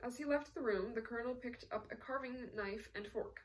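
A woman narrating a novel in a measured, even storytelling manner. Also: a little high, recorded from a distance, slight background noise, poor audio. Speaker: audiobook narrator. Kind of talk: scripted narration.

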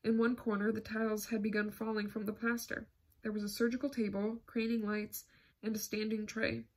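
A woman narrating an audiobook in a measured, steady way. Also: a little high. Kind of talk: scripted narration.

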